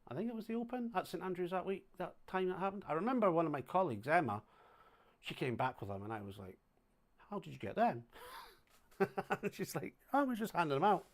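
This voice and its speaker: A middle-aged Scottish man chatting casually on a home livestream, thinking aloud as he sorts banknotes, with sudden loud exclamations. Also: high-pitched, big pitch swings, a little fast. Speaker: coin and banknote collector livestreaming. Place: home flat indoors.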